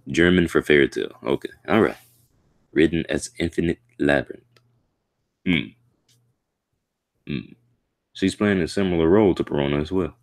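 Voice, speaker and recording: A man reading a manga chapter aloud and reacting to it in a casual, slangy way, with excitable outbursts. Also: low-pitched, moderate pace, pauses often.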